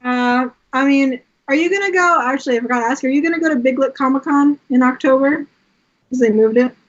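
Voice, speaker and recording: An excitable young woman with a high voice gushes through her stories and laughs often. She is a podcast guest, and her sound is dull and lo-fi. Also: fast. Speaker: guest performer. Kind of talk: casual interview chat. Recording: dull lo-fi audio.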